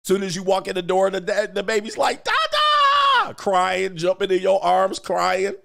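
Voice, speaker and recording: Animated, profane man ranting as host. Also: high voice, moderate pace, creaky. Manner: animated, profane, acts out quotes. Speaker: livestream host. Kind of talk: casual commentary rant.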